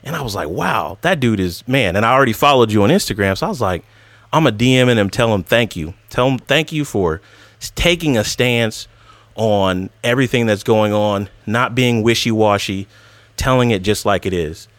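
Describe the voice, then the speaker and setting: Lively, animated podcast host. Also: male voice, lowish voice, normal speed, dry recording. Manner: animated, laughing, storytelling. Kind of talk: casual podcast chat.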